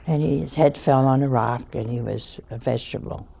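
An older woman telling a story in a slow, folksy way, chuckling as she goes. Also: rumbling low, vocal fry, mellow, slight background noise. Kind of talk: storytelling talk.

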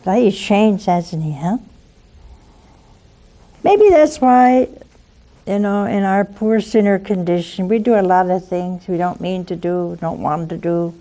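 A woman's voice: fairly low pitch, steady tone, normal speed, few pauses, warm tone. A woman preaching a conversational sermon and hosting a call-in show, pleading and coaxing, with rhetorical asides to her listeners.

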